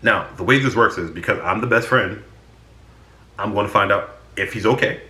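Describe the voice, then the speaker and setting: A man's voice: lowish voice, normal speed, sharp tone, reverberant. A man casually telling stories about his friends on his vlog. He sounds exasperated and swears freely. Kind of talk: casual storytelling.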